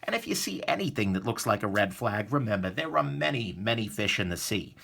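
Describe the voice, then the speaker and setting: A man's voice: on the low side, big pitch swings, fairly quick, vocal fry, a bit bright, breathy edge. A man hosting his own channel, giving casual, conversational tips straight to the camera with frequent asides. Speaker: host of a knife review channel. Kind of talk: casual talking-head tips video.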